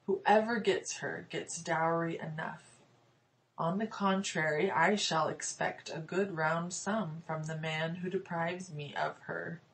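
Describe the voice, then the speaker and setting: A woman's voice: fairly low pitch, fairly even intonation, slow, gravelly. A woman reading the lines of a poor, stubborn farmer in a storybook, speaking boldly and stoutly. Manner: bold, stout.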